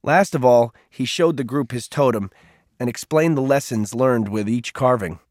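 A man narrating a story aloud in a steady, even reading voice. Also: medium pitch, moderate pace, no room sound, studio quality. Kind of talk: audiobook narration.

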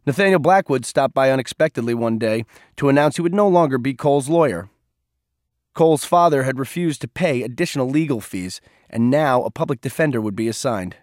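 A male narrator reads a novel with measured, even storytelling. His voice sits at a middle pitch, recorded dry and close with no room sound. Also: no echo. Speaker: audiobook narrator. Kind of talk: scripted narration.

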